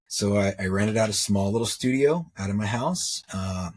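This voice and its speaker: A man's voice: lowish voice, brisk, few pauses, husky. A middle-aged man, a jewelry maker, telling his story in a rambling, casual way, repeating words and acting out what others said. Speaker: interview guest, metalsmith.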